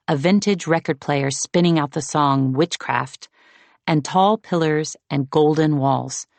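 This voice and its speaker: A woman narrates an audiobook in a deep voice, following a script. Her pace is measured and even, and the recording sounds dry.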